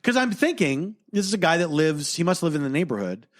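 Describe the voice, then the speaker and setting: A man with a fairly high voice co-hosts a casual podcast chat, spinning an animated story. He drops into low mutters one moment and nearly shouts the next, with quick shifts of energy. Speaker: podcast co-host.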